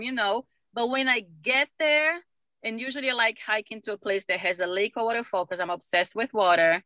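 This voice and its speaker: A middle-aged woman, a mother, telling stories in a casual conversation, animated and laughing often. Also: on the high side, a little fast, no echo. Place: lives in Utah.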